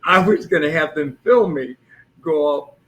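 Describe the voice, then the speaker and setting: A man's voice: a little high, lively intonation, a little slow, a bit bright, rough recording. A man in his sixties, a police hostage negotiator, telling anecdotes in a casual interview and acting out the lines he quotes. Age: 60s.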